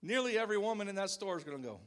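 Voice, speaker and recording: A man in his thirties preaching a sermon to a congregation in a church, animated and shouting out quoted calls. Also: sits high, racing. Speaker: pastor.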